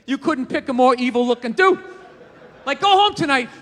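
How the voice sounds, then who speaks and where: A man doing a stand-up comedy routine, rambling and swearing through animated rants. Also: extremely high pitch, moderate pace, in a large hall. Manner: profane, rambling, animated rants with acted-out quotes.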